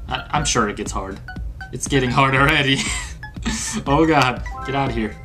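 A man doing let's play game commentary, reading instructions aloud with sarcastic asides and breaking into panicky yelps and rapid exclamations. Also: medium pitch. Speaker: gaming channel host. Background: game music.

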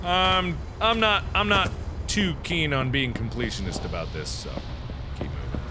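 A man playing a horror game who screams, swears and panics, then settles into calm musing. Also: medium pitch, moderate pace, noisy background. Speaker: let's play host.

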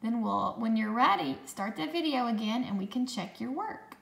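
Woman teacher, patient phonics lesson for kids, higher voice with a gravelly edge, echoey room. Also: lively intonation, a bit bright. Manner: slow, patient, sounds out dictation sentences word by word. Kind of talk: recorded phonics lesson for children.

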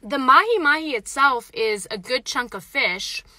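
Young woman chatting in her car, phone mic, reading comments out, bright voice, dead dry sound. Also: sits high, animated, measured pace, no room sound. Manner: chatty, frank, reads viewer comments aloud; talks while eating. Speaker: vlogger reviewing tacos. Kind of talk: casual live-stream chat. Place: parked car.

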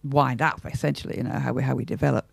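A woman's voice: extremely low pitch, fairly even intonation, fast, gravelly, husky, no room sound. An older Australian woman, an actress talking thoughtfully and theatrically in an interview, asking herself questions as she goes. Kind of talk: reflective interview talk.

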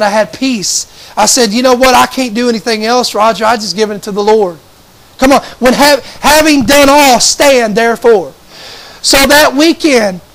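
A man's voice: extremely high pitch, a bit bright, low-quality recording. A man giving an emotional, fervent testimony sermon, often repeating and restarting his phrases. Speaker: preacher.

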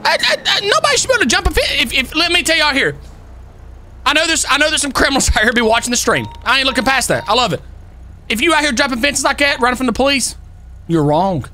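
A man live-streaming a police role-play game, excitable and loud, laughing often and calling everyone brother. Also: extremely high pitch, fast talker, a little hiss or hum. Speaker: streamer playing a police officer.

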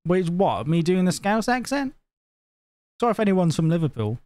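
A man's voice: high voice, sing-song, normal speed, a little mellow, no room sound. A man chatting casually with his live viewers, joking and laughing often. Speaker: livestreamer.

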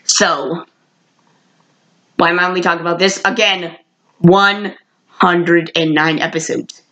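A woman vlogger reviewing old cartoons in a casual, rambling way, correcting herself often and jumping up in pitch when she exclaims. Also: steady tone, unhurried, long pauses, bright, forceful tone, low-quality recording. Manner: rambling, with frequent self-corrections.

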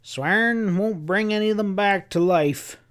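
A man's voice: high voice, measured pace, fairly bright tone, voice pushed up. A man voicing a grim, angry leader of a frontier posse, who talks in blunt, threatening folksy speech.

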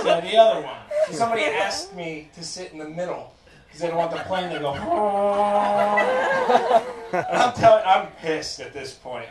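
A young man performing a stand-up comedy set, telling a story and acting out the people in it. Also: a little high. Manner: animated storytelling, acts out characters. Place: comedy club. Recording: echoey club, distant mic, loud crowd laughter.

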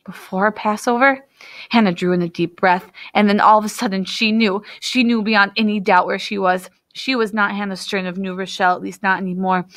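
Audiobook narrator, woman, steady reading, mid pitch, gravelly texture. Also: brisk, hardly any pauses, no echo. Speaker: audiobook reader. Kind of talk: storybook narration.

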